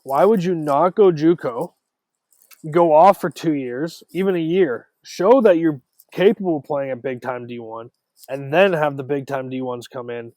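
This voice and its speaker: A man in relaxed podcast chat, his voice sitting a little high for a man and recorded very dry and close. He gets animated, rushing through a run of words and restarting a phrase before landing it. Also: dry recording. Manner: animated, talks in quick runs with repeated starts. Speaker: podcast guest, former college ballplayer.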